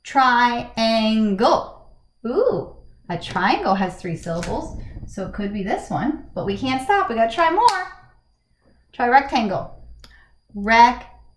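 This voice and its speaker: Encouraging woman teacher, slow sing-song. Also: on the high side, very animated. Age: adult, married with a young son. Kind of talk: children's lesson from home. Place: at home. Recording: echoey room.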